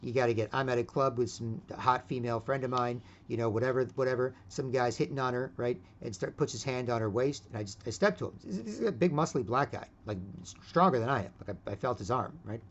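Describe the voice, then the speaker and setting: A man's voice: mid-range voice, fast talker, few pauses. A middle-aged man in a casual, rambling monologue, blunt and profane, tagging "right?" onto his phrases. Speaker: video host. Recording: dull lo-fi recording.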